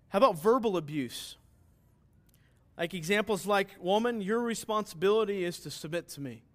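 A male pastor with a high voice preaches a sermon earnestly and emphatically, often posing rhetorical questions and then answering them.

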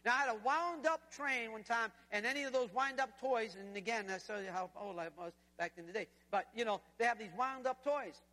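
Animated high-voiced male preacher. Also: a little fast, hardly any pauses. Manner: animated, swings between loud and hushed. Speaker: guest preacher. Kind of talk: sermon. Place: church sanctuary. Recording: church hall reverb.

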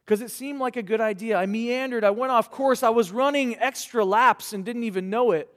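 A man preaching a sermon to young people, earnest and rhetorical, with dramatic pauses. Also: very high voice. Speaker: pastor. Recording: reverberant hall.

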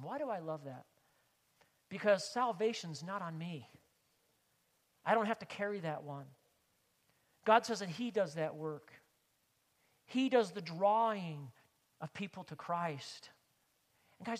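A pastor preaching with earnest conviction, reading scripture aloud and praying aloud to his congregation. His voice sits a little high for a man. The sound rings with the long reverb of a church hall. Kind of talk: sermon.

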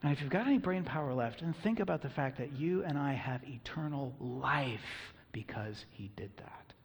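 A pastor preaching with earnest emphasis, his voice slightly husky and pitched a little high for a man. His words ring out with a long reverb, as in a large church hall. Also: animated, normal speed. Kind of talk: sermon.

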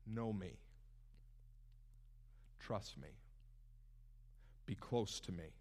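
Close and low, this God speaks in a soft, unhurried hush, as a preacher acting out the words. The voice drops well below the man's own raised tone and stays quiet and tender. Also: lightly acted. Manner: slow, low and hushed. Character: calm, intimate God speaking to Moses.

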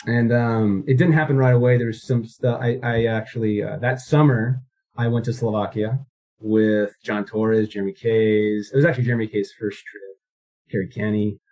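A man's voice: lowish voice, fairly even intonation, moderate pace, dark tone. Rambling man telling his story, lo-fi. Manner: rambling, many fillers and restarts, laughs often. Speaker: guest. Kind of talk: casual storytelling interview.

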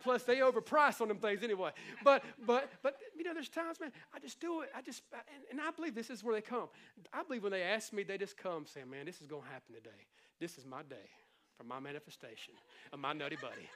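A middle-aged pastor with a notably high-pitched voice preaches a sermon in an animated, conversational style, slipping easily into playful impressions to make his points.

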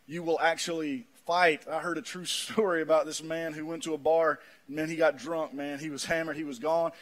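A man preaching a sermon in a folksy manner, swinging from shouts down to low, quiet lines. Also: little pitch movement, a little fast. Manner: folksy, says "man" often. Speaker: pastor.

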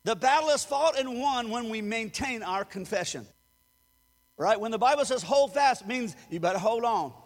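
A male pastor with a very high-pitched voice preaches with emphasis, pausing for the congregation to repeat phrases back to him. His voice rings out with a long reverb trailing behind each phrase, as in a large hall. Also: animated. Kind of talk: sermon.

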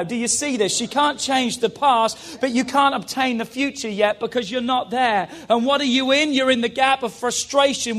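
A man pastor preaching a sermon, building from quiet teaching to shouted fervor. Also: very high voice.

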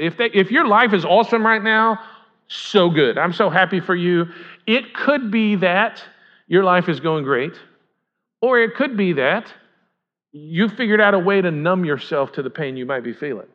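A pastor delivers a sermon in a casual, talkative way, often checking in with the room through questions. His voice sits high for a man. The recording has a muffled, lo-fi quality. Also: lively intonation, normal speed. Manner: conversational, asks the congregation questions. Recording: dull lo-fi sound.

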